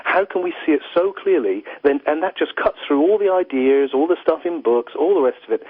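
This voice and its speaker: A man's voice: on the high side, husky, no room sound. Earnest English man over a tinny phone line. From England. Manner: earnest, flowing, uses "you know" often. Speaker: philosopher and guest. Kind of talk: reflective interview talk.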